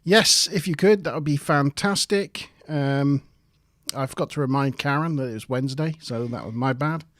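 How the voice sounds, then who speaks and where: A man's voice: medium pitch, moderate pace, a bit bright, dry recording. A man co-hosting a live stream, chatting casually and self-deprecatingly, laughing often. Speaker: podcast co-host.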